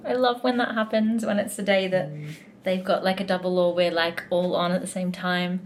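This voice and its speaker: A woman's voice: on the low side, little pitch movement, normal speed, slight background noise. A young woman in casual vlog chat, talking in a gushing, heartfelt way as a musical theatre performer backstage.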